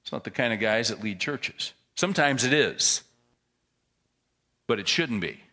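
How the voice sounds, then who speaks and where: A man preaching a sermon as a pastor, telling stories with emphatic bursts and quiet asides. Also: medium pitch, unhurried. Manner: animated storyteller, swings from loud emphasis to quiet asides.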